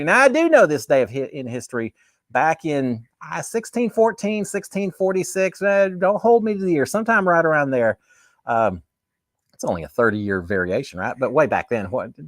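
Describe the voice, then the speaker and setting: A middle-aged man hosts a casual live stream, rambling from one joke to the next as he chats with viewers. His voice sits a bit high and swings widely in pitch. The sound is close and dry. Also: fairly bright tone, no room sound. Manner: rambling and jokey, chatting with viewers. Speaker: host of a live show.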